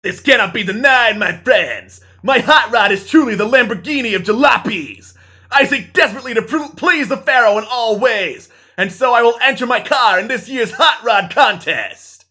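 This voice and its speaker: A man voicing a pompous stage hero who speaks like a ventriloquist, loud and triumphant. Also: very high-pitched, lively intonation, normal speed, breathy edge, voice pushed up, full character voice. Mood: boastful. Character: man played as a stiff ventriloquist-style hero.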